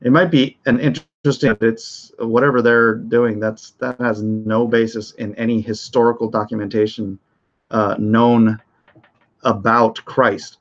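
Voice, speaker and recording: A middle-aged man hosts a home livestream in a mid-pitched voice that sounds a little off today. He rambles through asides, fillers and restarts, then reads news items aloud. The audio is dull and lo-fi, like a home stream. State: voice slightly off. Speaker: host of a livestream show. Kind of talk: casual livestream talk and reading news aloud.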